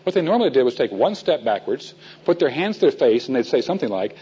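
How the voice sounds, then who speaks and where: A man's voice: mid-range voice, very animated, fast, warm tone, dull audio, a little hiss or hum. A man teaching a men's Bible class in a folksy storytelling way, asking his listeners questions.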